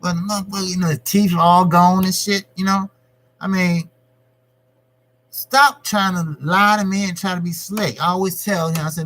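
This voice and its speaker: Man, boxing stream host, casual profane rant, slightly high voice, repeats himself. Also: unhurried, long pauses. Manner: profane, repetitive, animated.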